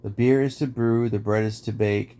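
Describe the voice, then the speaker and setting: Low-voiced guy with a gravelly edge reading nursery rhymes in a sing-song beat. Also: steady tone, normal speed, mellow. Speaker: podcast host.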